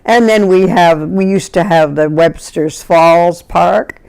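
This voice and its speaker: In an oral history interview, a woman from Canada in her nineties tells her life story with a lowish, slow, creaky voice that is clear and resonant. She brings her tales to life by acting out the people in them.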